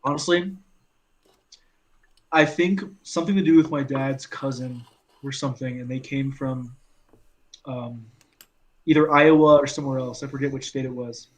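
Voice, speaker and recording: A man's voice: mid-range voice, steady tone, moderate pace, long pauses. Laid-back young man saying "like" a lot. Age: young adult. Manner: laid-back, fills his speech with "like". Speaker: guest actor. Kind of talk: casual chat.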